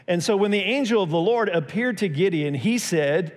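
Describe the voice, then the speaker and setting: A man's voice: sits high, lively intonation, normal speed, hardly any pauses, long reverb tail. A man preaching a sermon as pastor, telling a story and acting out its quotes with a raised voice.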